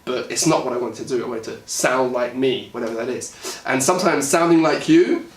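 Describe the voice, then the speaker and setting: A man with a British accent talking casually about how he interprets a song, thinking aloud with lots of fillers and pauses. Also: medium pitch, recorded from a distance. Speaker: singer and music YouTuber. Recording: echoey room, voice a bit off-mic.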